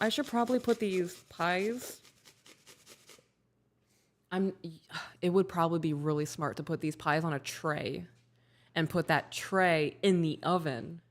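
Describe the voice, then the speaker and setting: A woman's voice: lowish voice, slight background noise. A woman hosting her show, chatting casually with viewers as she bakes in a home kitchen, in a chatty, self-deprecating way. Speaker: show host. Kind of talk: casual chat while baking on camera.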